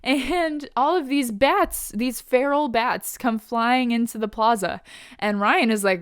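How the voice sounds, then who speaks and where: A woman's voice: on the high side, clear, resonant tone, no echo, studio quality. A woman hosting a podcast, casually recapping an episode, laughing often and paraphrasing characters' lines. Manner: giggly, laughs often while retelling scenes; quotes characters in quick paraphrase. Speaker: podcast host.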